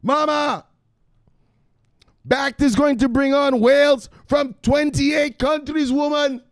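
A man voicing an excitable grown son who brushes off his mother in a shrill, dismissive, breathless rush. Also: slow pace, no echo, heavily acted. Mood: dismissive, excited.

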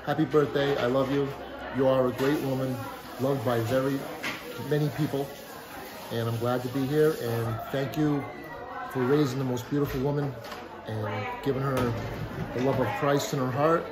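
A man's voice: mid-range voice, fairly even intonation, normal speed, rough recording. A man giving a sincere, devout birthday message to his mother-in-law. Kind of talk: birthday tribute. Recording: party crowd behind.

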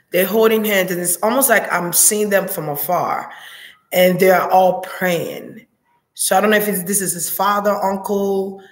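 A woman giving an intuitive reading, musing aloud in a halting way and often pausing to search for words. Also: lowish voice, roomy sound. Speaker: psychic reader.

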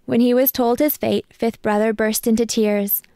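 Woman reading a kids' picture book out loud, gravelly but smooth, dry close sound. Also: on the high side, no room sound. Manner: measured, expressive storytelling. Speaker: storybook reader.

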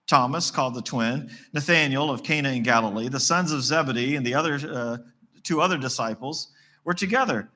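Bright-voiced West Virginia pastor preaching. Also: male voice, medium pitch, fairly quick. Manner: conversational storytelling, acting out dialogue. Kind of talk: sermon.

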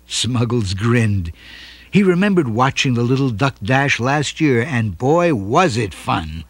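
A man narrating a children's storybook with expressive, animated delivery. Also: mid-range voice, slightly rough, no room sound.

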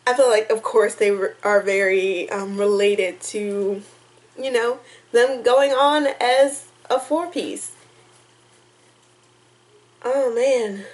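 A young woman reacting casually to a music video at home, chatty, excitable and openly emotional, rambling as she thinks aloud. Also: fairly high pitch, slow pace, long pauses. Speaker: YouTube reaction vlogger.

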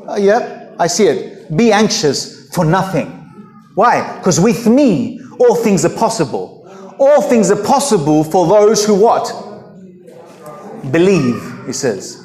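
High-voiced man preaching in an echoey hall. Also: very animated, a little slow, darkish tone. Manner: emphatic, rhetorical questions to the congregation. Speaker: pastor. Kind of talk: sermon.

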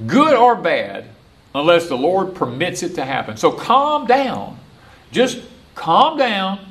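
An older Southern man, a homesteader and former preacher, gives a folksy porch-side sermon and repeats his points. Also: sits high. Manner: folksy, repetitive, animated. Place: outdoor porch.

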